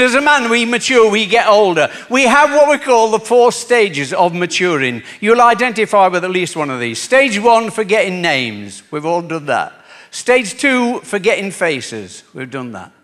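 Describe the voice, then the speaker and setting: A man's voice: high-pitched, sing-song, a little slow, bright, forceful tone. A man in his seventies with a Yorkshire accent, doing a stand-up routine on a theatre stage and acting out both sides of his jokes' dialogue. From England. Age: 70s. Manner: punchy joke-telling, voices both sides of the dialogue. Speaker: stand-up comedian.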